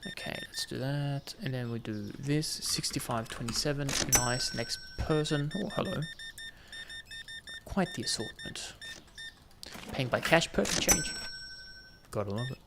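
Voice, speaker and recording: A man gives relaxed gameplay commentary, trading jokey banter with customers on screen. His voice has a gravelly, creaky edge at an ordinary pitch. Clicks and cash-register sounds from the game are clearly heard behind him. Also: a little slow, heavy background noise. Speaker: gaming video host.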